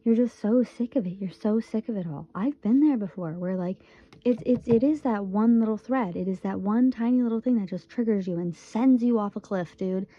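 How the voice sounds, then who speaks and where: The audio is dull as this Michigan tarot reader in her twenties speaks in a mid-range voice at normal speed. Her reading is casual and earnest, and she repeats phrases to stress her points.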